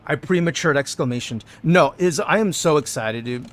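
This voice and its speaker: A video game streamer with a slightly high voice talks at normal speed through a desk mic. He's chatty and full of jokes, greeting viewers and reading their messages aloud, humming along and yelling when things get exciting.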